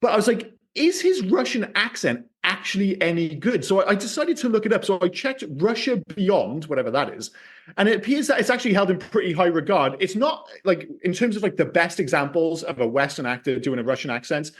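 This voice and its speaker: A man co-hosting a casual film podcast, talking in an animated, rambling way and swearing freely. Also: high voice, fast talker. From Scotland. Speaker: podcast co-host.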